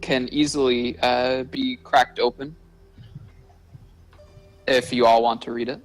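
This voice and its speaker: Slow, hesitant male game master. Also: mid-range voice, fairly even intonation, soft background music, poor audio. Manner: slow, hesitant, many filler uhs. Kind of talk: narrating a tabletop game.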